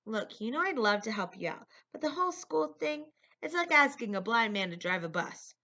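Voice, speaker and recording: A woman's voice: on the high side, sing-song, normal speed, sharp tone, voice pushed up, heavily acted. A woman reading as a joking teenage brother. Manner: laid-back, joking. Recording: lo-fi recording.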